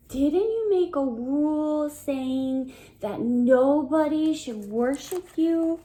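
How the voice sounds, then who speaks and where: A woman voicing a group of jealous, scheming men in a children's Bible story, hushed and gleeful. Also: sits high.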